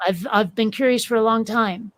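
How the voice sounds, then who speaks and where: A woman's voice: a little high, moderate pace, no room sound. Blunt curious woman in her forties, dry sound. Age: 40s. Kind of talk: casual chat.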